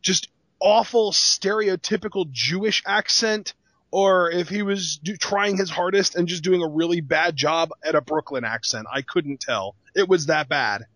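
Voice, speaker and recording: A man co-hosting a casual wrestling review show, excitable and jokey, with lots of fillers. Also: high-pitched, unhurried, no echo. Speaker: podcast co-host.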